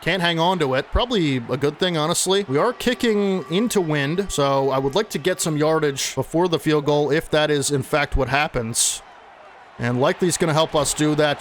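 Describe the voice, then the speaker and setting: A man commentating his own football video game play-by-play, excitable and chatty with his viewers. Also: a little high, slight background noise. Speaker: gaming channel host.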